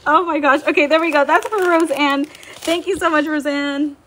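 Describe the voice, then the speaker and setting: A woman's voice: high voice, moderate pace, fairly bright tone, slight background noise. A young woman chatting casually on a livestream as she fills orders, bubbly and chatty, reading viewer comments aloud. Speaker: livestream seller.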